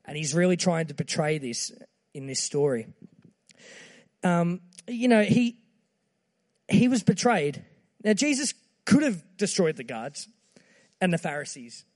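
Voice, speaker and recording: A man's voice: a little high, big pitch swings, measured pace, long pauses, darkish tone, in a large hall. A man giving a short, earnest sermon, retelling scripture in casual words.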